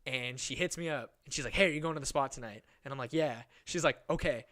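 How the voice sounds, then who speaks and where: Fast-talking young man telling a rambling story. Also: mid-range voice, a bit bright. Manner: rambling, swearing, laughs often, acts out quotes. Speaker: podcast host. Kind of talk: casual storytelling chat.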